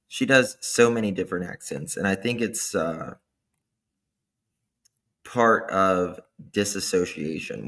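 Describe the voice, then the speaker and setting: A man hosting a livestream, chatting casually, thanking viewers by name and commenting with animated asides. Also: low voice. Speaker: livestream host. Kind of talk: casual true-crime commentary chat.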